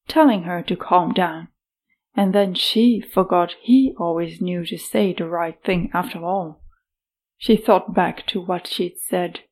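Unhurried woman narrating an audiobook. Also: lowish voice, darkish tone.

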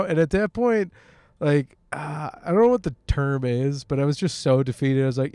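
Man host, sick with a sore throat, rambling from the driver's seat; smooth clear voice, a bit high, dry close sound, jokey and profane. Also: measured pace, darkish tone, no echo. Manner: joking, profane, laughs often. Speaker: podcast host. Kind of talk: casual rambling monologue while driving. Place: car, on the road.

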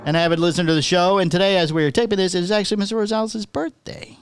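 A man's voice: high voice, very fast, clean tone, no echo, studio quality. A man co-hosting a podcast in casual banter, teasing his partner and reading news stories. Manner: teasing, lively storyteller. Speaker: podcast co-host.

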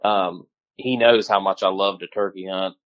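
Animated man telling a hunting story. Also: sits low, moderate pace, dull audio. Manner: animated, swears casually, many fillers. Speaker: guest hunter. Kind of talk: casual storytelling.

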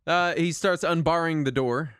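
A man running a tabletop game as game master, narrating in a relaxed way with plenty of fillers and easy laughter. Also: a little high, normal speed, smooth, no room sound, clean studio sound.

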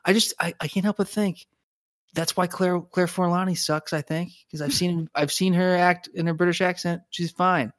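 A man's voice: high voice, steady tone, moderate pace, a bit bright, no room sound, clean studio sound. A man co-hosting a casual recap chat, rambling with lots of restarts and fillers. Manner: rambling, many restarts and "like" fillers, laughs often. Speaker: podcast co-host.

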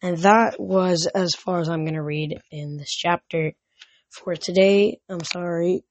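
A woman's voice: on the low side, fairly even intonation, a little slow, a little mellow, dry recording. A tired woman reading a novel aloud casually, with slips and restarts. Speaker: reader.

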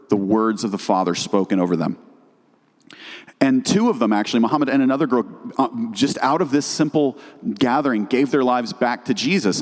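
A man's voice: mid-range voice, darkish tone. Earnest man telling a testimony in a hall. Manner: earnest storytelling, frequent restarts. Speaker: missionary speaker. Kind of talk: church testimony talk.

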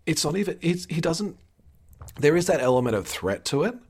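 A man's voice: a little high, a little fast, husky. A man co-hosting a podcast, chatting casually and swearing freely as he reacts to a show. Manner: animated, swears freely, acts out quotes. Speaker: podcast co-host. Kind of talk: casual recap chat.

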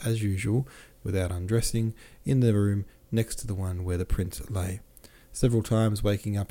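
A man narrating a classic novel as a podcast host, reading in a measured way with small self-corrections. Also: lowish voice, mellow. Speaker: podcast host and audiobook reader.

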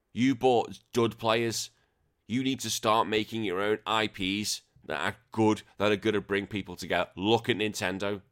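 A man's voice: fairly low pitch, fairly bright tone. A British man hosting a gaming podcast, ranting bluntly and emphatically with frequent swearing. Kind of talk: opinionated podcast rant.

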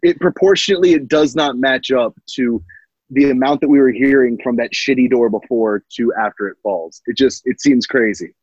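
Guy on a podcast ranting, kinda husky, dry close sound. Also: medium pitch, moderate pace, a little mellow, no echo, highs cut off. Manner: incredulous, ranting, swears. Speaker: podcast co-host. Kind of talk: casual chat about a film.

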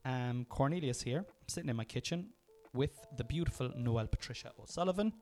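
A man's voice: medium pitch, lively intonation, brisk, darkish tone, soft background music. A man in his thirties with an Irish accent, hosting a casual podcast, self-mocking and restarting his lines often. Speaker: podcast host. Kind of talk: casual chat, joking. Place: kitchen, then parked car.

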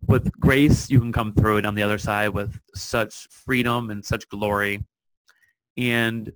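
A man's voice: lowish voice, fairly bright tone, no echo, rough recording. A man hosting his own podcast, talking earnestly and encouragingly to his listeners and repeating lines for emphasis. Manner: speaks directly to listeners. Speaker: podcast host. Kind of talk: solo podcast monologue.

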